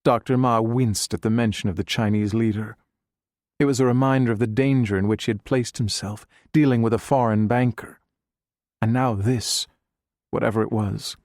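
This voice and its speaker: In a clean studio recording free of room sound, a man of medium pitch reads scripted audiobook narration at an even, measured storytelling pace.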